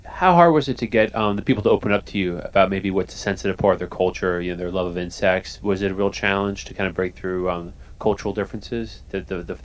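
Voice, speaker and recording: A man's voice: sits low, quick pace, few pauses, rough recording. A man in the audience asking a long, hesitant question. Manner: rambling, hesitant.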